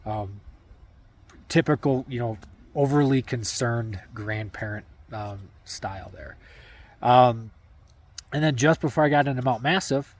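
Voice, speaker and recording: A young man records himself outdoors at a mountain camp after a day of hiking. He tells his trail stories in a loose, rambling way full of fillers. His voice sits at an ordinary middle pitch for a man. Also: a little slow, long pauses. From Wisconsin. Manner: rambling, laid-back, lots of fillers and laughs. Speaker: thru-hiker vlogger. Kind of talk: casual storytelling to camera.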